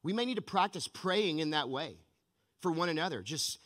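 A man pastor giving an energetic, emphatic sermon in a church sanctuary, with a long church-hall reverb. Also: on the high side, moderate pace.

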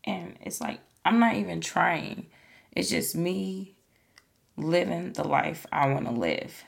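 A woman with a low voice and heavy vocal fry talks straight to her listeners in a relaxed, chatty monologue. She is earnest and encouraging, and keeps dropping "like" and "you know" as she goes. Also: takes it slowly. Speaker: podcast host. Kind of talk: casual motivational monologue.

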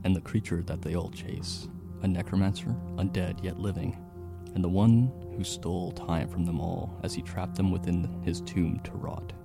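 A man runs a tabletop game, telling the story dramatically in a very deep voice. His tone is dark and gravelly. Faint music plays behind him. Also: fairly even intonation, moderate pace. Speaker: game master.

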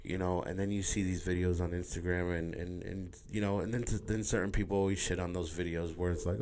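A man's voice: deep voice, flat delivery, fast, hardly any pauses, a little mellow, slight background noise. A man talking candidly to his viewers in a rambling, emotional way, repeating words and swearing casually. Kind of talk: candid personal monologue.

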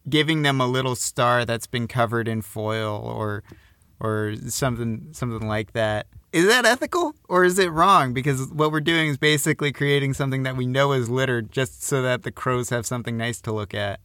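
A man's voice: mid-range voice, moderate pace, pushed and bright, clear, resonant tone, no echo. A man co-hosting a podcast in casual chat, full of wry jokes and banter. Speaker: podcast co-host.

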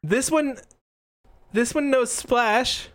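Player doing a nervous little kid trainer, high and worried. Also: very slow, a bit bright. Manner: anxious, pleading. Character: nervous young boy trainer. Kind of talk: tabletop role-play.

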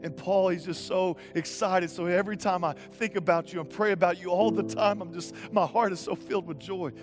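A young man preaching a sermon as pastor, impassioned and urgent, moving between loud calls and quiet intensity, with casual slang mixed into his preaching. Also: high voice, fairly even intonation, brisk, over music.

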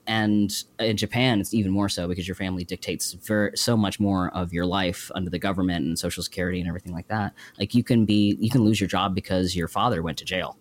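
A man co-hosting a podcast, chatting casually in an animated, rambling and emotional way. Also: low-pitched, fast talker, few pauses. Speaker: podcast co-host. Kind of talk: casual chat.

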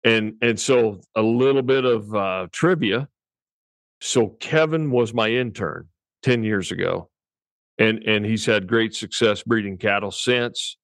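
Low-voiced male podcast co-host, casual and chatty; tells stories at length, laughs easily; dry close-miked sound. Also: unhurried, a bit bright, dry recording. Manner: rambling storyteller, chuckles often. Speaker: podcast co-host and cattle breeder. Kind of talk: casual chat.

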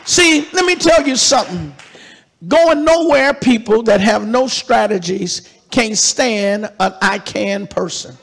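Male pastor, high raspy voice, unhurried preaching, live church echo. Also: animated. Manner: preaching with call-and-response, rising to shouts. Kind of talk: sermon. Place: church sanctuary. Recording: live church hall reverb with congregation.

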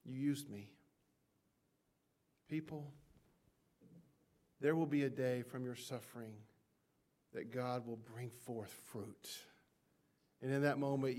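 Male pastor, middle-aged, sermon, hushed then impassioned, mid-range voice. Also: medium pitch, fairly even intonation, slow pace, pauses often. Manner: swings from soft, hushed lines to loud, impassioned climaxes.

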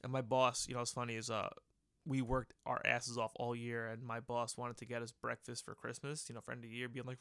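A man's voice: medium pitch, completely flat delivery, brisk, vocal fry, fairly bright tone, smooth, no room sound, studio quality. A man of thirty chatting casually as a podcast host, rambling and swearing as he tells a work story. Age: 30s. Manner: rambling, profane, self-correcting. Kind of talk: casual chat.

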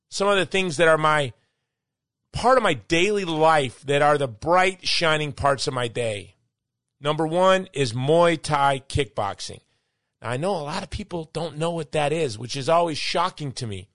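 Emphatic bright-voiced male podcast host. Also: fairly high pitch, no echo, studio quality. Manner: emphatic, worked-up yet upbeat. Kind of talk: opinionated monologue.

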